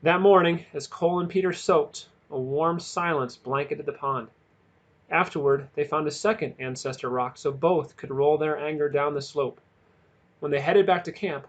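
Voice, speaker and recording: A man reads a novel aloud in a measured way, leaning into the dramatic moments. His voice sits a little above the usual pitch for a man, and he keeps a steady storytelling pace. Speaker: audiobook reader.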